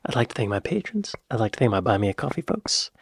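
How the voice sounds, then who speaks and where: A man's voice: fairly low pitch, big pitch swings, fast, no echo, studio quality. A man casually reacting to a video, curious and chatty. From United States. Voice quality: husky.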